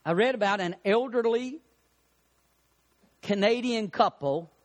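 A man preaching a sermon as pastor, animated, joking, his voice rising on emphasis. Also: sits high, measured pace.

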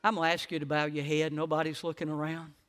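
A man preaching a sermon. He swings between hushed, low lines and loud, high-pitched preaching. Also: flat delivery, fast, smooth, long reverb tail.

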